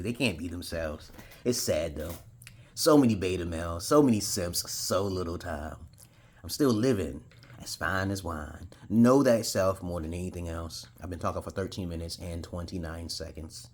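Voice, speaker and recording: A man in his forties from Brooklyn with a New York accent, ranting bluntly and profanely to camera about video games, with sudden loud outbursts. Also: low voice, moderate pace. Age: 40s. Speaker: vlogger giving gaming advice. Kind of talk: casual rant to camera.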